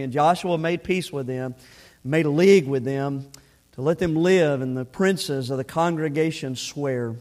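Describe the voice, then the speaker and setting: A man's voice: fairly high pitch, a little mellow. A man preaching a sermon to his congregation in a conversational way, often repeating and restarting his words. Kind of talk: sermon with storytelling.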